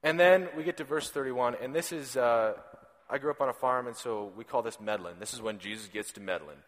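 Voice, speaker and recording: Talking fairly quickly in a mid-range voice, a thirtysomething pastor tells stories through his sermon in a conversational way, frequently opening sentences by repeating a word. The hall echoes noticeably.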